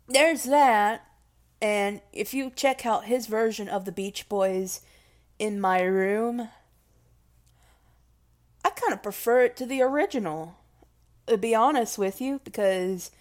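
Young woman, casual vlog ramble, unhurried, self-mocking, swears a lot. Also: medium pitch, a little mellow. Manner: emotional, self-deprecating, swears freely. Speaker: vlogger.

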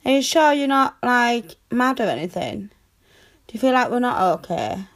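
A young woman in a girlfriend comfort audio role-play, speaking in a soothing, tender, reassuring way with soft hushing. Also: fairly high pitch, expressive, normal speed.

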